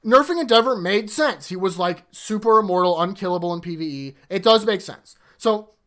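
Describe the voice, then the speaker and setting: Woman ranting with lively, swooping pitch. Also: normal speed. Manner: exasperated, swears freely. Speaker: gaming content creator. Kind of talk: ranting game commentary.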